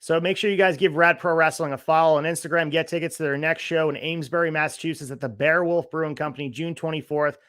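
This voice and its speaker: A man's voice: on the high side, steady tone, fast talker, hardly any pauses, a bit bright, no room sound, studio quality. A man hosting a wrestling podcast interview, upbeat and promotional as he sets up questions. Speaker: podcast host.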